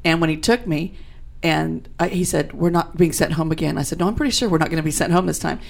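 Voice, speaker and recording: A woman with a gravelly, fairly low voice chats on a talk show. She tells her own stories bluntly and with dry humor. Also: quick pace. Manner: blunt, wry storytelling. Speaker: co-host. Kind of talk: casual chat.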